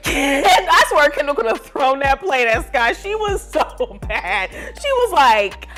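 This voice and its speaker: A woman's voice: high voice, animated, takes it slowly, fairly bright tone, faint music behind. A young woman vlogging casual celebrity gossip to camera, slangy and dramatic with lots of fillers. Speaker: vlogger giving pop culture opinions.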